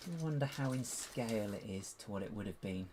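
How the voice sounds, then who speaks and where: A man's voice: on the low side, expressive, brisk, background noise. A man chatting casually while building with LEGO, muttering to himself as he sorts bricks, his voice going cracky. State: voice going cracky, needs a drink. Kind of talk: casual live build commentary.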